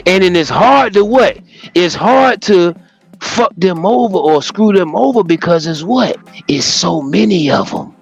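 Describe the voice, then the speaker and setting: A man hosting a livestream, reading a text aloud and breaking off into loud, profane commentary. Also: high voice, moderate pace, creaky, husky, faint music behind. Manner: animated, profane, reads a text aloud and riffs on it. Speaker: livestream host.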